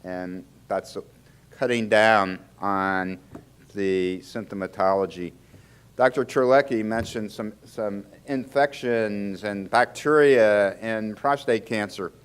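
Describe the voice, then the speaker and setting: A man with a somewhat low voice gives a conversational medical lecture. He talks in a loose, chatty way, breaking off and restarting his sentences. He often turns to the audience with questions. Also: smooth. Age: older. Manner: chatty, self-interrupting, asks the audience questions. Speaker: urologist giving a lecture. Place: lecture hall.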